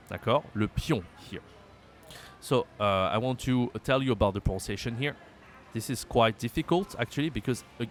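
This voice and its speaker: A man teaching a language lesson, patiently repeating words slowly for learners. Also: on the low side. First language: French. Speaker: French teacher.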